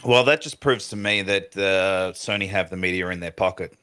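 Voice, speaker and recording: A very deep-voiced man talks on a casual gaming podcast in a steady monotone. His tone is bright and forceful despite the low pitch. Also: normal speed, clean tone. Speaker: podcast panelist.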